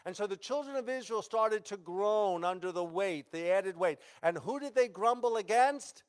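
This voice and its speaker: A man's voice: sits high, animated, normal speed, few pauses, clear, resonant tone. A male pastor preaching a sermon, telling a story dramatically and acting out the voices of the people in it.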